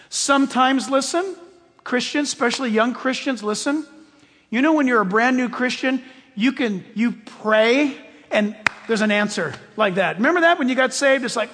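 Animated male preacher, husky tone, sermon in a reverberant church hall. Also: extremely high pitch, moderate pace. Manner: animated, swings from loud to hushed. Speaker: pastor.

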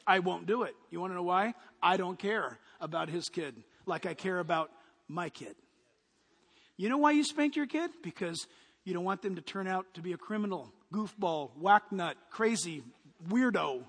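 A man preaching a sermon as a pastor, forceful and punchy, with quick lists and asides. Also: sits high, lively intonation, big-room sound.

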